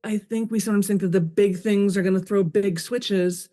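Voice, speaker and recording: Expressive woman talking candidly. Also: mid-range voice, normal speed. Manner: expressive, acts out her own quoted thoughts with laughs. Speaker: podcast guest, author. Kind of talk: conversational interview.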